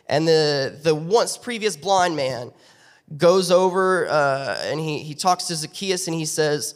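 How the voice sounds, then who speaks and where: A man's voice: on the high side, unhurried. Male youth pastor telling a story. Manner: animated retelling with character voices. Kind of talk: sermon storytelling. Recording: long reverb of a church hall.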